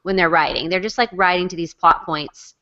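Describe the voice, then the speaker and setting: A woman's voice: fairly low pitch, fairly even intonation, fairly quick, pushed and bright, dull audio. A woman co-hosting a casual fan chat, giving her opinions in an analytical way. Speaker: podcast co-host.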